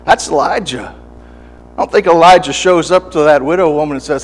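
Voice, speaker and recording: Fervent preacher building to pleading. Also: male voice, fairly high pitch, a little fast, slight background noise. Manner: stammering restarts, builds from quiet to fervent pleading. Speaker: pastor. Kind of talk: sermon. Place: church service.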